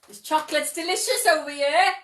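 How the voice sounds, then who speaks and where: A woman's voice: high-pitched, fairly quick, fairly bright tone. A woman running a food challenge in a home quiz, teasing and strict about the rules. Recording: echoey room with faint noise.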